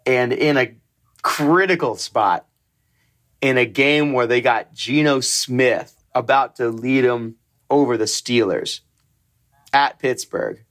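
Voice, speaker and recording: A man's voice: mid-range voice, a bit bright. A man co-hosting a sports podcast in casual chat, telling stories with lots of laughter and the odd swear. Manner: laughs often, swears, quick storytelling asides. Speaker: podcast co-host.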